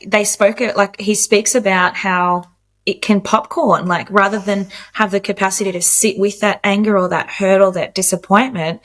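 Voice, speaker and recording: A woman in her late thirties, a podcast guest, speaks frankly in a relaxed conversation at a middle pitch. She swears freely and jumps into quoted voices when she tells stories. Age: 30s. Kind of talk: casual candid chat.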